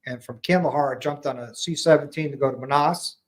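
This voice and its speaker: Animated American veteran telling stories. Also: male voice, medium pitch, fairly quick, low-quality recording. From United States. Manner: animated storyteller who acts out quotes. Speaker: veteran, former maintenance platoon sergeant. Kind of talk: casual storytelling.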